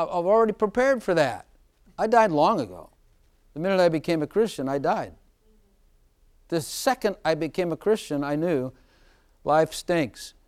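A man preaching an informal sermon, chatty and often laughing, slowing down to stress scripture lines. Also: a little high, darkish tone.

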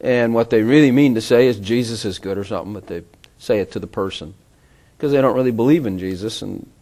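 A man's voice: on the low side, fast talker, mellow. A middle-aged man giving an informal sermon, rambling with conversational asides and frequent chuckles. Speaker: preacher.

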